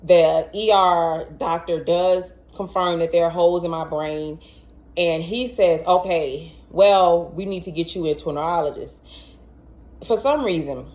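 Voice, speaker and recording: A young adult woman telling a personal story to camera in a casual, animated way, acting out what others said and stumbling over repeated words. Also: lowish voice, normal speed. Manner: animated, acts out quoted voices, stammers and repeats words.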